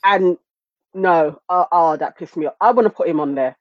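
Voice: mid-range voice, moderate pace, no echo. Emphatic parent on a dull, dry line. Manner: indignant, emphatic. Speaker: parent and podcast panelist. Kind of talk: casual podcast chat.

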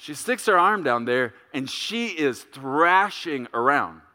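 A middle-aged man preaches a sermon in a church hall, his voice bright and pitched a little high for a man. He tells a story with very animated delivery, jumping into loud, shouted voices for its characters. A long reverb trails behind him. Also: slow. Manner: storytelling, acts out voices with big swings in pitch and volume. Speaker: pastor.

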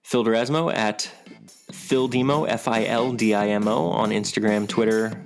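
A man hosting a movie podcast in easygoing casual chat. His delivery is plainspoken and relaxed, with a few fillers as he thinks. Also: fairly low pitch, moderate pace, vocal fry, music in the background. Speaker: podcast host.

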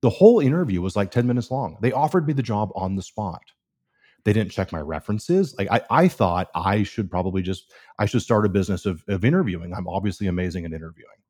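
On a casual podcast, a real estate guest in his forties talks fast in a lowish, slightly rough voice. He tells stories with animation, acting out the people he quotes.

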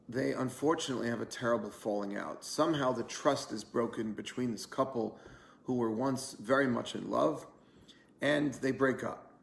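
A rabbi leads a conversational online Torah class, a lunch-and-learn, telling a story with earnest energy and lots of fillers. His mid-range voice is creaky, and the room is echoey.

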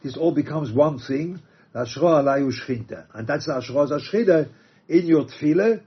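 Husky man teaching a religious text. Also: fairly high pitch, animated. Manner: reads Aramaic and Hebrew quotes then explains in English, halting restarts. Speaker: Torah teacher. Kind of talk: text study lecture. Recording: dull lo-fi recording.

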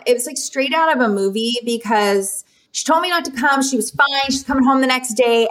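Woman, 40s, kinda high voice, open and heartfelt, lots of um and like. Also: a bit bright. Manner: candid, tearful at times, many fillers. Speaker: podcast guest. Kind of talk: emotional personal storytelling.

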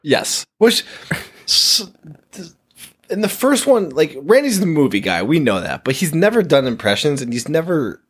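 A man's voice: a little high, sing-song, normal speed, a bit bright, husky. A man co-hosting a casual horror movie podcast, making sardonic, emphatic points and swearing freely. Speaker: podcast co-host.

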